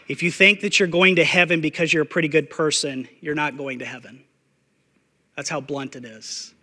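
A male pastor preaching with a high, bright, forceful voice that carries a long hall reverb. He is blunt and emphatic, hammering phrases through repetition and scattering "uh" fillers as he goes. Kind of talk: sermon.

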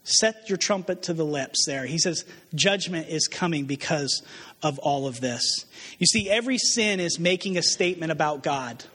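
High-voiced guy preaching a sermon, lots of rhetorical questions, big echoey hall. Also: animated, normal speed, pushed and bright. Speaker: pastor.

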